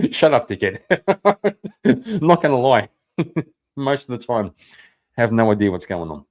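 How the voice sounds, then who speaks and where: A man's voice: mid-range voice, very animated, slow pace, long pauses. Laughing, swearing male streamer. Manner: profane, rambling, laughs a lot. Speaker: live stream host. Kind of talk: casual chat reacting to viewers.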